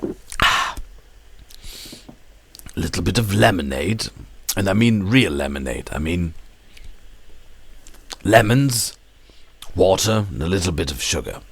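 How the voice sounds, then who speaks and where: A man's voice: sits low, animated, takes it slowly, vocal fry, pauses often, fairly bright tone, husky. A man hosting a let's play, musing to himself as he casually comments on his gameplay. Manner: musing, talks to himself while playing.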